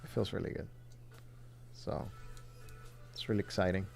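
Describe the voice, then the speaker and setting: A man's voice: sits low, steady tone, normal speed, creaky, darkish tone, faint music behind. A man from the southern United States chatting casually on a livestream while building a phone kit, rambling and thinking aloud as he works.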